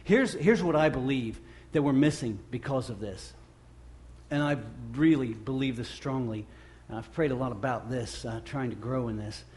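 A middle-aged man preaching a sermon, earnest and halting, with many repeated restarts, who grows louder when he acts out the scripture. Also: medium pitch. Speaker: pastor.

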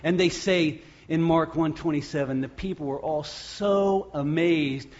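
Man, preacher, storytelling sermon, slightly high voice, muffled lo-fi sound. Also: unhurried, darkish tone. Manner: storytelling preacher acting out scripture scenes. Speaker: pastor.

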